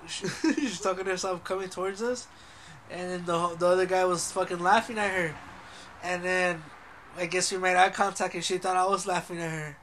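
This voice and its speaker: A young man talks in a casual, profane way, joking and laughing through his stories. His voice sits high for a man. A faint hiss runs under the recording. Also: fairly even intonation, fairly quick, a bit bright. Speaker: podcast co-host. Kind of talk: casual chat.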